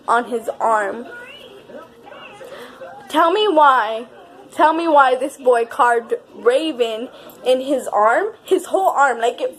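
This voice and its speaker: A young woman vlogger telling a personal story in a casual, animated way, with lots of swearing and repeated words for emphasis. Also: high voice.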